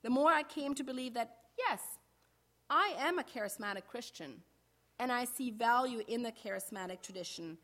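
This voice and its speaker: A middle-aged woman pastor preaches to her congregation, her voice sitting a little high. She speaks in a measured, deliberate way and slows right down to lean on the phrases that matter most. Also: lively intonation, fairly bright tone. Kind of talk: sermon.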